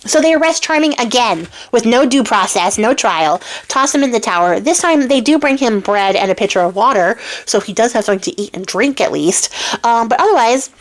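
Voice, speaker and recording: A woman's voice: a little high, lively intonation, a little fast. Slangy woman retelling a fairy tale. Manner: slangy, irreverent, many fillers. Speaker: storyteller YouTuber.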